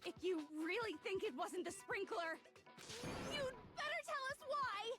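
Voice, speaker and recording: A woman voicing a jittery, hostile teenage girl in a video game, shouting shrill, defensive accusations. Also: lively intonation, measured pace. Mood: suspicious. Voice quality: shrill and piercing. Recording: game audio with music behind.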